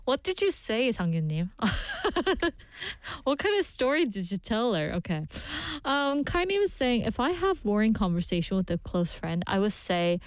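A woman's voice: a little high, sing-song, moderate pace, dry recording, clean studio sound. A woman hosting a radio show, reading listener messages in a playful, giggly way and switching languages mid-sentence.

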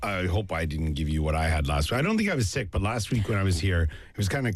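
A man co-hosting a casual chat, talking in a laid-back, mellow way. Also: low-pitched, big pitch swings, fast talker. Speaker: podcast co-host.

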